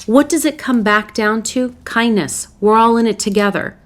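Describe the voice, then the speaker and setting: A woman's voice: fairly high pitch, normal speed. Earnest woman host giving advice. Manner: earnest, anecdotal, with restarts. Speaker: psychologist host. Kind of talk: solo advice talk.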